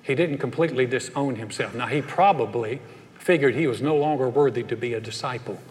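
A man's voice: medium pitch, a little fast, darkish tone. A man from North Carolina preaching a sermon, telling stories in a folksy way and acting out the voices of the people in them. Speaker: pastor. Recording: long reverb of a large hall.

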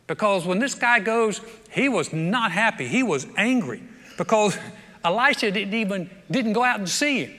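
A man preaches with a high, bright, forceful voice, acting out a story with playful humor. His voice rings through a large church sanctuary with a long reverb tail. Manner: animated storytelling, humorous asides. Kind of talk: sermon. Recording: long reverb of a big hall.

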